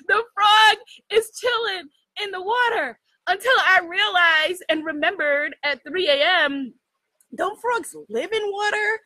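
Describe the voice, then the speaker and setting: A woman hosts a casual storytelling chat for her viewers, animated and quick to laugh, often checking in with "right?". Her voice is high and bright. The sound is dry and close with no room echo. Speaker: host addressing her viewers.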